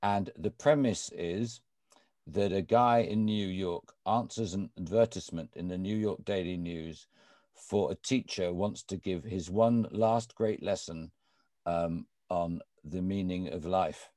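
A man speaking as guest at an evening talk, retelling a book with animated, halting storytelling. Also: sits low, no room sound. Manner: animated, restarts often.

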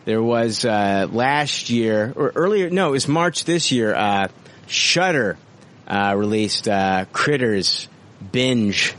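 A man's voice: medium pitch, fairly bright tone. A man hosting a podcast in casual chat, profane and rambling, with many fillers. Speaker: podcast host.

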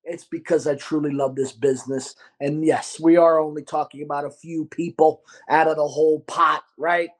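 A man with a New York accent hosting a casual podcast, talking in an animated, gruff way and calling people dude and brother. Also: a little high, normal speed, few pauses. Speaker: podcast host and restaurant owner.

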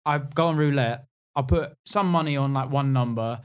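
A man, chatting on a podcast at a middle pitch. He tells stories in a loose way and often teases his friends. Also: moderate pace, smooth. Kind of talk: casual podcast chat.

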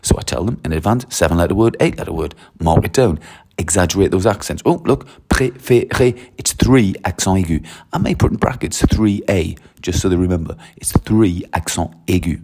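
A man's voice: sits low, fairly quick, darkish tone. A man teaching French, talking through classroom steps with frequent direct requests and tag questions. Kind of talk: classroom-style teaching walkthrough.

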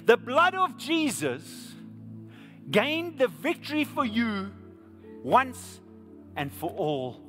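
A man preaching a sermon as pastor, swinging from hushed whispers to loud, impassioned appeals and repeating phrases for emphasis. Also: very high voice, huge pitch swings, slow, long pauses. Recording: long hall reverb, faint music behind.

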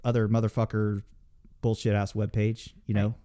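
A man's voice: fairly low pitch, little pitch movement, moderate pace, mellow. A man in casual podcast chat, ranting with heavy swearing and many restarts. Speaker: podcast co-host.

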